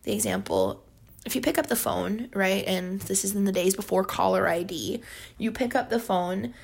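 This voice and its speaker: A woman with a husky, slightly gravelly voice co-hosts a relaxed faith conversation. She explains her points expressively and leans on everyday examples. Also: mid-range voice, normal speed. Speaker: podcast co-host. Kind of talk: casual faith chat.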